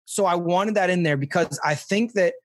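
Excitable, rambling man from Missouri. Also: high-pitched, moderate pace, no echo, studio quality. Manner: rambling, filler-heavy, excitable. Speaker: podcast guest, fishing show host. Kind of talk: casual storytelling in an interview.

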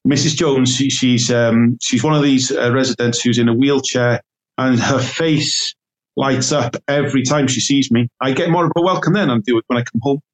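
A man's voice: mid-range voice, steady tone, normal speed, rough recording. A man, a self-employed decorator, chatting casually on a podcast and telling stories with lots of fillers and restarts. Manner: chatty, warm storytelling with many fillers and restarts.

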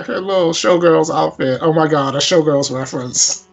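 A man's voice: a little high, moderate pace, creaky, lo-fi sound, soft background music. A man hosting a casual movie-discussion podcast, rambling and playful, with frequent restarts.

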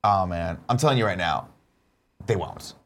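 A man's voice: low voice, animated, moderate pace, fairly bright tone. A man co-hosting a talk show, chatting casually in a rambling, irreverent way and swearing freely. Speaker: show co-host. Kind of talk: casual chat.

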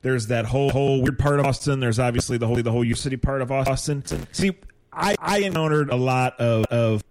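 Halting man stumbling over repeated words. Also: mid-range voice, darkish tone. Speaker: podcast co-host. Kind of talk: casual sports chat.

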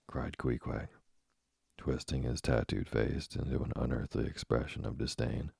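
A man reading a classic sea novel aloud in a measured, dramatic storytelling manner. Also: very deep voice, steady tone, creaky, a little mellow, breathy edge, no echo, clean studio sound. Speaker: narrator.

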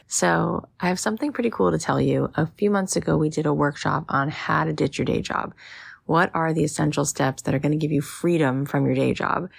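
Low gravelly lady doing a podcast intro, earnest and encouraging, dry close sound. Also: brisk, dry recording. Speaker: podcast host.

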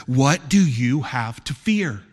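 A man preaching a sermon as pastor, calling out to his church and building to fervent shouts. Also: mid-range voice, lively intonation, slow, in a large hall. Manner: preaching, rising to fervent shouts, calls to the congregation.

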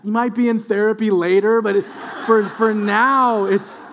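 High-voiced young man preaching a sermon. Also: moderate pace, slight background noise. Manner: animated storytelling with quiet earnest stretches. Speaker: pastor.

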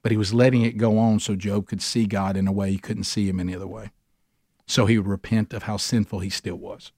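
A man teaching a men's Bible study, preaching emphatically, slowing down to stress points and speeding up when fired up. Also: fairly low pitch, flat delivery, a little mellow, no room sound, clean studio sound.

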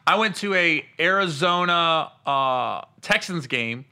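A man hosting a casual chat, telling lively stories and laughing often. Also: on the high side, slow pace, clean tone. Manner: animated storyteller who laughs a lot. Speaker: podcast host.

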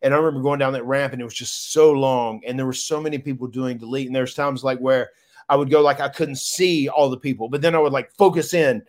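A man speaking as an interview guest, his voice at a middle pitch. He tells his story in a loose, heartfelt way. He keeps stumbling over his words and starting again. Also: steady tone, brisk. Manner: emotional, rambling with many restarts. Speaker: guest, former wrestler.

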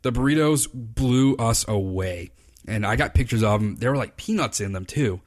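A man's voice: medium pitch, expressive, normal speed. A man hosting his own podcast, telling rambling, enthusiastic stories in casual chat. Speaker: podcast host, fly fishing consultant. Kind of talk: casual solo podcast talk. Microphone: computer recording.

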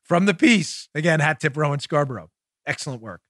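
Sarcastic man, high bright voice. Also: brisk, no echo, clean studio sound. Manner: mocking, animated, laughs at own jokes. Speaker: podcast host. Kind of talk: sarcastic political commentary.

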